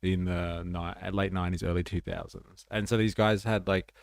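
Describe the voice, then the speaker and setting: A man's voice: deep voice, flat delivery, moderate pace, gravelly, dry recording, clean studio sound. A man with an Australian accent hosting a casual livestream, chatting loosely with viewers in slang. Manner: chatty, slangy, reacts to chat. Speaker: livestream host.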